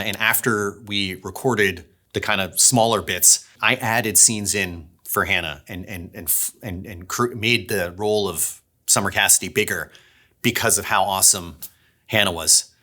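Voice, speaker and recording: A man with a slightly low yet bright, forceful voice talks casually about making an audio drama. He tells his stories chattily and sometimes trips over and restarts his words. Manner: chatty, storytelling, restarts phrases when excited. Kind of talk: behind-the-scenes casual talk.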